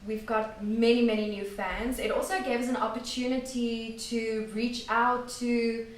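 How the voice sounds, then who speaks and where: A woman's voice: fairly high pitch, little pitch movement, measured pace. A woman vocalist being interviewed, chatting and telling stories with a giggly, talkative manner. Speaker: band vocalist guest. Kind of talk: casual interview chat. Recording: roomy distant mic, faint noise.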